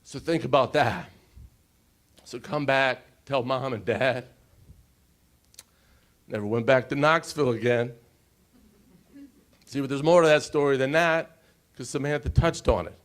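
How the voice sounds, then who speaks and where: Emotional man in his forties telling his story. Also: medium pitch. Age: 40s. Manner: emotional, pausing, asks the audience questions. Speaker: conference speaker. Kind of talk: personal storytelling talk. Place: conference stage before an audience.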